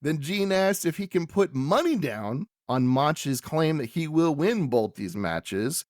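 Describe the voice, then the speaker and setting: A man co-hosting a casual podcast, recapping wrestling with an animated, laughing manner. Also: on the high side, unhurried, dry recording, clean studio sound. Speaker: podcast co-host.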